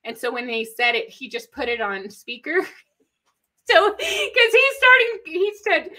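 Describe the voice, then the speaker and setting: A woman with a bright, sharp voice and an East Texas accent chats loosely on a genealogy live stream. She rambles off on tangents and laughs easily, pitched a little high. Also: animated, a little slow. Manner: chatty, rambling, laughs often, drawls when teasing. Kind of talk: casual live-stream chat.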